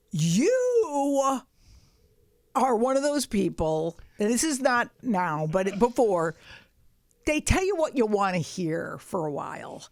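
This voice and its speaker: A woman's voice: medium pitch, no echo, clean studio sound. Blunt, foul-mouthed woman telling stories. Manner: blunt and profane, acts out both sides of her stories. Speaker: podcast co-host. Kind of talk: casual comedic storytelling chat.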